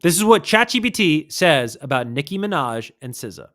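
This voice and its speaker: A man's voice: on the high side, big pitch swings, a little fast, fairly bright tone, no echo, studio quality. A man hosting a casual music livestream, reading posts aloud and adding wry asides.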